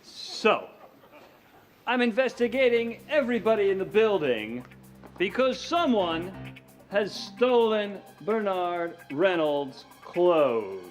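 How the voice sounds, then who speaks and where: An actor playing a pompous, theatrical police detective in a scripted learner sitcom, with light music under him. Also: male voice, high voice, expressive, slow pace. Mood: officious. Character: pompous male police detective, middle-aged.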